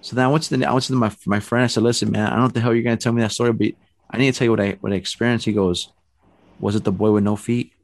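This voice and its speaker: A middle-aged man casually telling a story, animated and rambling, with restarts and acted-out quotes. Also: mid-range voice, very fast, no echo.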